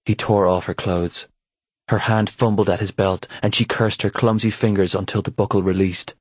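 A man narrating an audiobook in a steady, unhurried reading voice. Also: fairly low pitch, husky, dry recording. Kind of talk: scripted narration.

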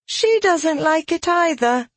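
A narrator voicing a grumbling young female mage in an audiobook, pitched well above the reader's own voice. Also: lively intonation, takes it slowly, no room sound, full character voice. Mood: drowsy.

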